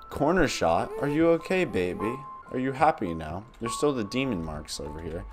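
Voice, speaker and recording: A young man casually commentating a spooky babysitting game, joking, talking to the baby, and breaking into sudden yells. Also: mid-range voice, big pitch swings, moderate pace, few pauses, music in the background. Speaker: gaming channel host.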